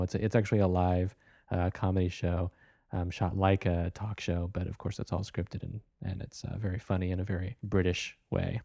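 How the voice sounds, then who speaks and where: A man with a deep, mellow voice hosts a film program, introducing the guest and a clip. He talks in a relaxed, conversational way with a few fillers, and the sound is dry and close. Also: gravelly, dry recording. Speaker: radio film show host.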